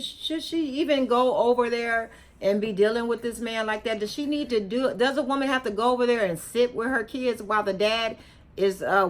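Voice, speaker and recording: A woman reacting to a video in a vlog, talking casually in slang, emphatic and repetitive, lecturing as she gives her opinion. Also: mid-range voice. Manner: emphatic, repeats herself, scolding and preachy; casual slangy talk, chewing gum.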